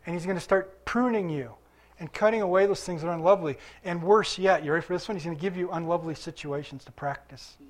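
This is a high, fast voice belonging to an older pastor on the mend from illness. He delivers his sermon conversationally, putting questions to the congregation and waiting to hear back.

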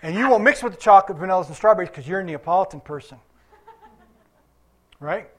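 Casting: high-voiced male pastor, chatty preaching with asides. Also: lively intonation, quick pace. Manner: conversational preaching with asides and chuckles. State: limping after surgery. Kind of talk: sermon.

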